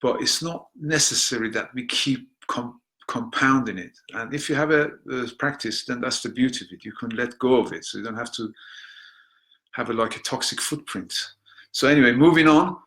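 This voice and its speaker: Bright-voiced man guiding a healing meditation. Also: mid-range voice. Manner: gentle and unhurried, softening to near-hushed affirmations, with chatty joking asides. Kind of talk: guided healing meditation lesson.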